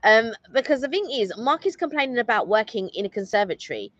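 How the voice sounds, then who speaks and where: Animated chatty woman, dull dry sound. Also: a little high, fast, dry recording. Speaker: co-host of a live stream. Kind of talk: casual live-stream chat.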